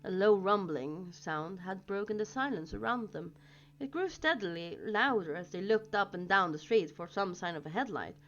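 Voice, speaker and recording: A woman reading a novel aloud in an expressive way, with small slips, on a dull lo-fi recording with faint music. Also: medium pitch, moderate pace. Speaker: reader.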